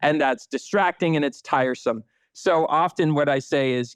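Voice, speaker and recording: A man's voice: a little high, moderate pace, clean tone, dry recording. A man speaking as a city planner guest in a conversational podcast interview, emphatic and blunt, with occasional swearing.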